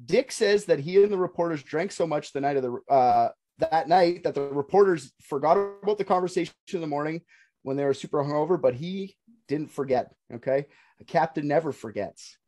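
A man's voice: on the high side, fairly quick, warm tone, faint music behind. A man hosting a podcast, telling a story in a casual, jokey way and swearing freely.

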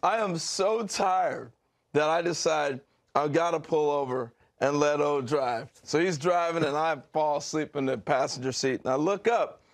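A male radio host tells a story in a casual, animated way. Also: on the high side, normal speed. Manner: animated storyteller, acts out yelling.

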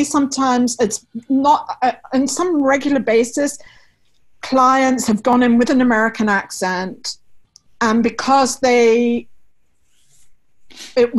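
A woman's voice: fairly high pitch, poor audio. Blunt, chatty woman manager. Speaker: talent manager. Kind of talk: casual video-call conversation.

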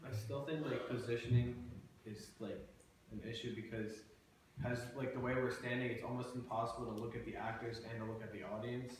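A male student hesitantly explains a staging problem, leaning on fillers. He speaks in an even middle register. The voice is distant in a very echoey room with steady hiss. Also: medium pitch, fairly quick. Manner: hesitant, full of "like". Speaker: student actor. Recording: echoey room, distant mic, background noise.

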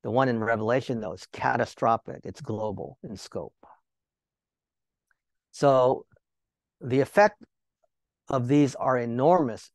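A man's voice: mid-range voice, no echo. A male Bible teacher giving a sermon, talking to the listeners with rhetorical questions and joking asides.

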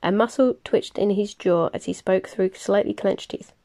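A woman reading a novel aloud, plain and unhurried, with small slips she corrects as she goes. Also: medium pitch, dark tone. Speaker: reader. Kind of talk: audiobook-style novel reading.

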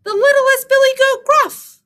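A woman's voice: very high voice, measured pace, sharp tone, pitched above the performer's own voice, full character voice. A woman doing a tiny timid billy goat. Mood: pleading. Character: littlest billy goat, small timid young male.

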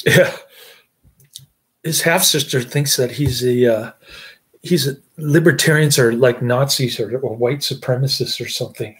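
A man's voice: mid-range voice, slightly rough. A middle-aged man hosting a casual movie review chat, rambling with fillers and chuckles.

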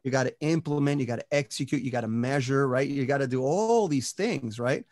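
A man's voice: mid-range voice, fairly quick, a little mellow, no echo. A man speaking as a podcast interview guest, talking with motivational energy and often checking in with "right?" and "you know". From Puerto Rico and the US. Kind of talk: casual podcast conversation.

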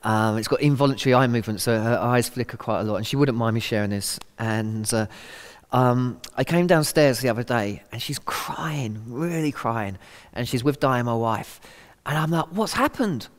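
A man's voice: mid-range voice, moderate pace, big-room sound. A middle-aged man giving a conversational, earnest sermon talk, acting out quotes as he goes. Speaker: Christian speaker.

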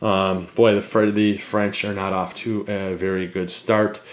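Low-voiced man narrating a board game playthrough. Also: flat delivery, measured pace. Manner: thinks aloud, reads game cards out, many fillers. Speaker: board game channel host.

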